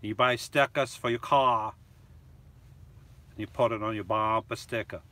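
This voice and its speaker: A man's voice: fairly low pitch, fairly even intonation, a little slow, fairly bright tone. A man hosting a live stream from a camper van, reading viewer comments aloud and chatting about them in a loose, rambling way.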